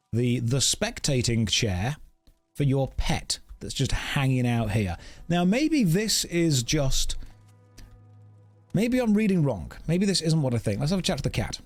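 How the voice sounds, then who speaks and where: Chatty game streamer guy, animated, faint game music in the back. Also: mid-range voice, a little slow. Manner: playful, chatty, talks to viewers. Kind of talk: casual game-stream commentary.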